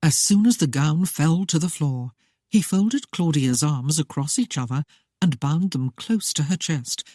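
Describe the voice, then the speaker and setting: An audiobook narrator reading a historical romance in a steady, even storytelling manner. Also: medium pitch, breathy edge, no room sound, clean studio sound. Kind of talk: scripted narration.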